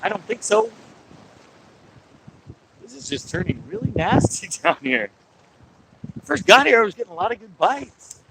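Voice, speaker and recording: An angler livestreaming from a pier talks casually to his audience, laughing and answering the sea lions. His high voice has big pitch swings and vocal fry, he speaks at a moderate pace with frequent pauses, and background noise is audible.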